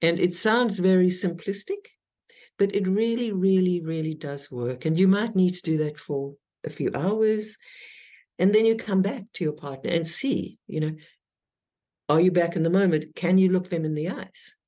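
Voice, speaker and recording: A woman's voice: fairly low pitch, normal speed, warm tone. Earnest woman explaining step by step. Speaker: guest, intimacy teacher and author. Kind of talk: interview conversation.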